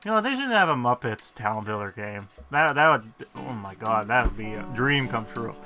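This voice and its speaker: Faint music runs behind this gaming video host, whose mid-range voice has a sharp tone, lively intonation, and a moderate pace. He rambles casually while playing, often teasing himself and filling pauses with filler words.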